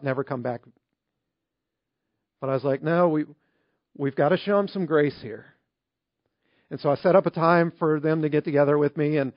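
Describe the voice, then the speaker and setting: Storytelling male pastor, higher voice. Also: no room sound. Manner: conversational storytelling, animated in anecdotes. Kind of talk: sermon. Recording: dry, slightly dull recording.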